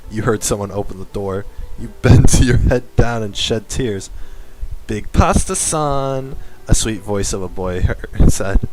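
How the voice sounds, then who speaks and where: A man's voice: on the low side, steady tone, moderate pace, very noisy. A male streamer reading a fan story aloud, laughing often and breaking in with sarcastic asides. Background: music.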